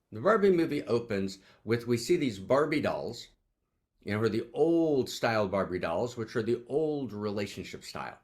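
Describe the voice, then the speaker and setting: Male teacher-host, lively swinging pitch, rallies the room with repeated questions, average pitch. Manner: rallying, repeats questions, swings from loud to soft. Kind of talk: teaching talk to an online group.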